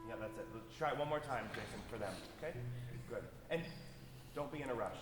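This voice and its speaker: A man's voice: mid-range voice, brisk, over loud music. A man conducting an orchestra rehearsal, counting in and singing phrases to show how they go. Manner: energetic, counts in and scats the phrases. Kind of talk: rehearsal instruction. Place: concert hall stage. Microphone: distant room mic. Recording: echoey hall from far off.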